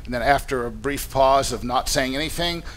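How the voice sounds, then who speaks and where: A man's voice: mid-range voice, moderate pace, fairly bright tone. Conversational male preacher. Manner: conversational, explanatory, with frequent restarts. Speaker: pastor. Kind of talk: sermon. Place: church meeting room.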